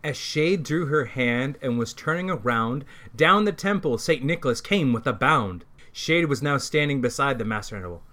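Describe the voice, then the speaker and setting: A man's voice: medium pitch, expressive, normal speed, few pauses, fairly bright tone. A man reading a fan story aloud casually, at times stopping to correct himself. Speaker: reader.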